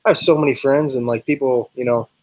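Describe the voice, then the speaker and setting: A man's voice: medium pitch, fairly even intonation, fast talker. A young man, a baseball player guest, rambling through a casual story and acting out both sides of conversations in quotes. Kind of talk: casual storytelling on a live talk show.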